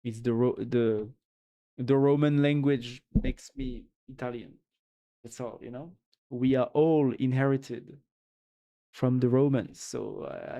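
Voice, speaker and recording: A man's voice: mid-range voice, slow, gravelly, warm tone. A man with a French accent chatting casually on a live stream, rambling and reading chat aloud; French is his first language. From France.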